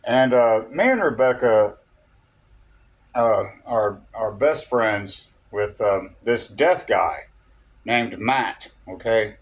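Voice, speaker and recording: A man with a lowish voice takes his time telling a rambling personal story. He chuckles often, drifts off on tangents, and keeps checking in with "okay?" and "uh."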